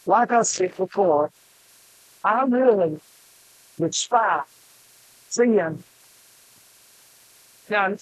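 An older man preaching a fiery sermon, emphatic, with shouted peaks and rhythmic lists. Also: high voice, no echo, poor audio.

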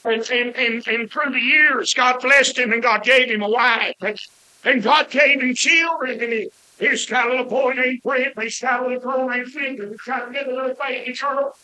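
A man's voice: very high-pitched, steady tone, moderate pace, pushed and bright, rough recording. A man, a preacher telling a folksy story in a sermon and now and then bursting into hollering.

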